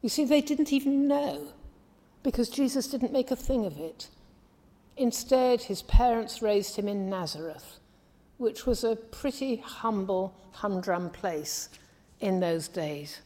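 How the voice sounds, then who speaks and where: Earnest midlands-raised woman giving a sermon, measured, voice ringing round a big church hall. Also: on the high side. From English Midlands. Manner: measured, earnest, dropping softly at phrase ends. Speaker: preacher. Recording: long hall reverb.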